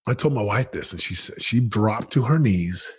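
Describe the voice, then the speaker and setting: A man in his late thirties, a guest in an interview, telling his story in an energetic, emphatic way with lots of slang and restarts. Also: on the low side, moderate pace, husky. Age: late 30s.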